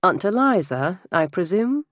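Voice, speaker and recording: A woman's voice: fairly low pitch, very animated, measured pace, no room sound, studio quality. A woman reading an audiobook, voicing a charming, mischievous young man with a polished English accent. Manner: polished, playful.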